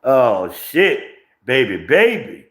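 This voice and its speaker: A man's voice: mid-range voice, sing-song, slow, fairly bright tone, roomy sound. A man from New Jersey with a New Jersey accent, hosting his podcast in brash, profane, rambling talk, recorded on a phone with no microphone. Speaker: podcast host. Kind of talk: profane livestream commentary.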